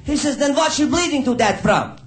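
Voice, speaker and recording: Man telling rough jokes in broken English. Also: very high voice, animated, a little fast. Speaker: stand-up comedian. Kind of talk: live stand-up storytelling. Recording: noisy live recording.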